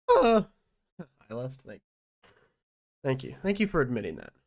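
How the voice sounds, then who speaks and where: A man's voice: medium pitch, wildly swooping pitch, measured pace, pauses often, a little mellow. A man streaming a video game, chatting casually with a rambling, self-deprecating manner. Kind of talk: casual live-stream chat while gaming.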